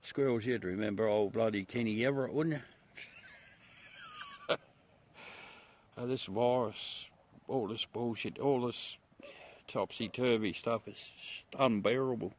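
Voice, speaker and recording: Middle-aged aussie guy rambling to his stream, slow easygoing drawl, laughs a lot, swears, baby-talks his dog. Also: mid-range voice. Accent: Australian. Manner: laid-back, chuckling, swears freely, coos to his dog. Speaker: livestream host. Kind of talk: casual rambling chat to viewers.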